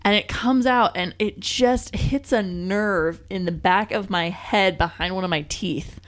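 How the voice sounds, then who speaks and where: Podcast co-host, woman, lively storyteller with a loose tongue. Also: mid-range voice, unhurried. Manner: animated storytelling, swears casually. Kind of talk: casual chat.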